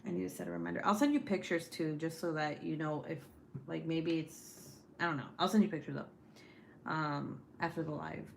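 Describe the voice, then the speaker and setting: Woman on a live stream, kinda low voice, rambles and cusses a lot, laughs easily. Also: steady tone, normal speed, gravelly, slight background noise. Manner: chatty and profane, laughs often. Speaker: live streamer chatting with viewers. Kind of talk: casual chat.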